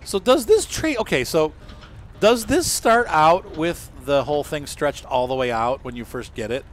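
A man chatting through a co-op truck game, his voice swinging widely as he jokes and plans his route aloud. Loud engine and outdoor game sounds fill the background of this noisy stream recording. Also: on the high side, normal speed. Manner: animated and joking, thinking aloud while driving. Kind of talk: casual gameplay chat.

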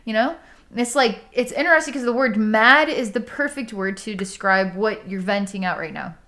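Woman psychic doing an energy reading, chatty, lots of "like", laughs and sighs, mid-pitched voice. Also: moderate pace, bright, forceful tone. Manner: casual and chatty, heavy use of "like", frequent laughs and sighs. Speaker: psychic healer. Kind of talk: energy healing session talk.

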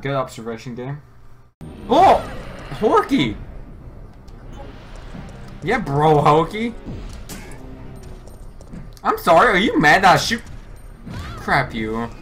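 A man giving let's play commentary, excitable, yelping and shouting at the game with mild swearing. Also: medium pitch, extremely slow, long pauses. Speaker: gamer. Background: faint music.

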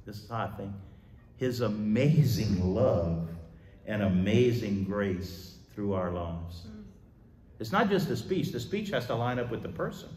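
A man preaches a sermon in a church, his pitch rising and falling in lively, animated swings. He surges into loud declarations, then drops to quieter asides. The sound rings in a roomy, echoing hall. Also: measured pace, distant mic. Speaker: pastor. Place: church sanctuary.

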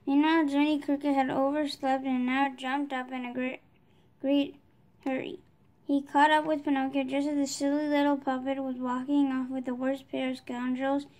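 A woman reading a children's storybook aloud, steady, with small restarts. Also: high voice. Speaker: storybook reader.

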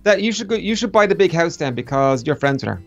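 A man chatting casually as co-player in a let's-play, quickly guiding the other player. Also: on the high side, lively intonation, creaky, lo-fi sound, faint music behind.

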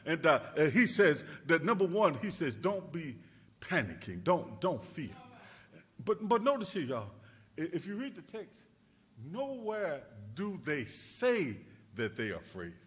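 Husky preacher man, swinging loud to hushed. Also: very animated, a little slow. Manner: rising to shouts then dropping low and quiet; repeats words, calls out to the congregation. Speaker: pastor. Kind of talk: sermon.

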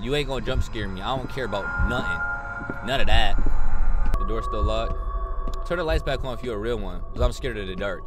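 A man's voice: lowish voice, noisy background. A young man giving horror game commentary, brashly trash-talking in slang. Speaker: gamer. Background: game music.

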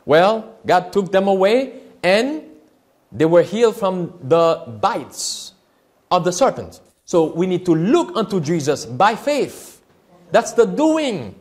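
A man's voice: high-pitched, very animated, slow, darkish tone. A man preaching a sermon as pastor, reading scripture aloud and often asking the listeners questions in call-and-response.

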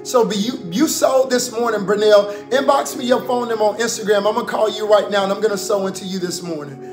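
High-voiced fervent man preaching. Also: fairly even intonation, fast talker, reverberant, music in the background. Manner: fervent, repetitive, frequent amens and hallelujahs. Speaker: pastor. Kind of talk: livestreamed preaching and offering appeal.

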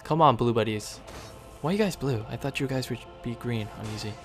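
Soft background music accompanies a chatty man narrating his gameplay in a mid-range voice, speaking fairly quickly. He's a gaming video creator offering casual commentary who talks to the game units and breaks into sudden excited outbursts.

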